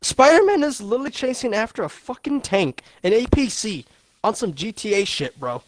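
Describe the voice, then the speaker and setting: A young man co-hosting a podcast rambles through a movie recap, swearing and laughing in casual review chat. His high-pitched voice swings widely in pitch, moves fairly quickly, and has no room sound.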